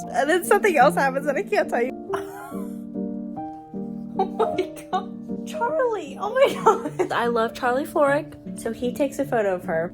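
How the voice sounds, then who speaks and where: A young woman chatting excitedly in a casual book vlog, gushing over what she reads, with gasps and laughs. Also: a little high. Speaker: book vlogger. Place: home at night.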